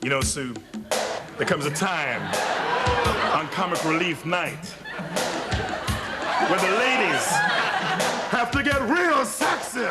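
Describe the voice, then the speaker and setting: A man voicing a vain, flirty male lover who brags in a crooning, half-sung way before a loud live studio audience and band. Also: high-pitched, lively intonation, takes it slowly, long pauses, loud music behind the voice, a loud crowd, voice pushed up. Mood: boastful.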